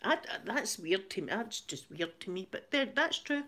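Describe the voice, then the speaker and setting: A woman's voice: medium pitch, very animated, moderate pace, pushed and bright. A Scottish woman hosting her channel, telling a rambling story in casual chat, laughing often and repeating words as she goes. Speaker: channel host.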